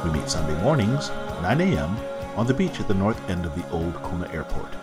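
A male announcer reading a measured, scripted outro for a church. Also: low-pitched, big pitch swings. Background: music.

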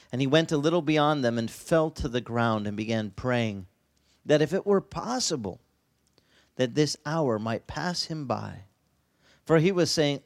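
A man preaching a sermon as a pastor, telling stories in an animated way with his voice leaping up in the lively parts. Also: normal speed, pauses often, dry recording, clean studio sound. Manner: animated storytelling, voice leaping high in excited passages.

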